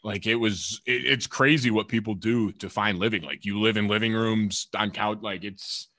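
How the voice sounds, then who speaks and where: Young man chatting, low dry voice. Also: fairly even intonation, normal speed, sharp tone, dry recording. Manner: rambling, lots of "like" and "literally". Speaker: podcast co-host, pro baseball player. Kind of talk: casual chat.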